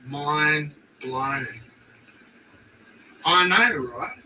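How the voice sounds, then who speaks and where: A man's voice: on the high side, extremely slow, sharp tone, recorded from a distance, slight background noise, low-quality recording. A young Australian man chatting casually on a stream, laid-back and swearing constantly in slang.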